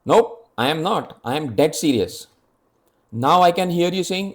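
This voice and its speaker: Man, 50s, earnest explainer narrator with a slightly raised pitch, talks straight to camera. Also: lively intonation, a little slow. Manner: earnest, direct, addresses viewer with rhetorical questions. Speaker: health app presenter. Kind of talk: scripted health explainer narration.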